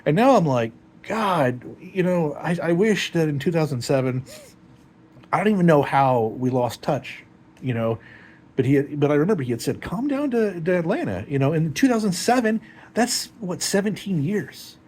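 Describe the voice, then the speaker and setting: A heartbroken man talking in a rambling, halting, emotional way in a personal confessional vlog. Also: fairly high pitch, animated, a little mellow, a little hiss or hum.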